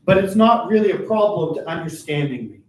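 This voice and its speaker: Presenting for a workers' advocacy centre, an older man leads a live workshop in a meeting room at a chamber of commerce. His voice is somewhat high with lively intonation, and he speaks quickly, checking in with "right?" and "all right?" The recording comes from a far-off room mic, echoey and with faint noise beneath.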